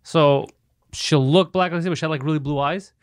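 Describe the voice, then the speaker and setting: A man's voice: on the high side, fairly even intonation, brisk, no room sound, clean studio sound. A man hosting a casual podcast chat, telling stories with frequent laughter and swearing. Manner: laughing storyteller, swears freely.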